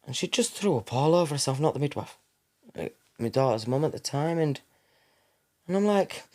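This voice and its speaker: A man's voice: medium pitch, lively intonation, brisk, mellow. A man, telling a personal story in a rambling way, correcting himself and acting out what people said. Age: 30s. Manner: rambling, self-correcting, acts out quoted dialogue. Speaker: guest.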